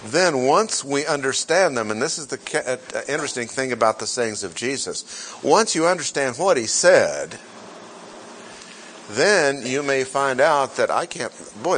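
A male pastor teaching through scripture at an unhurried, measured pace. He speaks in a mid-range voice, repeats his key points and asks his listeners rhetorical questions. Faint ambient noise sits behind him. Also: mid-range voice, a bit bright. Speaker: pastor teaching a Bible class. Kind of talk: sermon-style Bible teaching.

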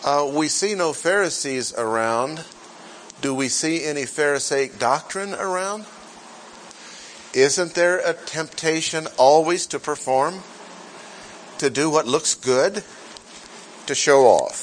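A man teaching scripture in a sermon, speaking deliberately, repeating key phrases and putting rhetorical questions to his listeners. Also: on the high side, slight background noise. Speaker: pastor teaching a Bible class. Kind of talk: sermon-style Bible teaching.

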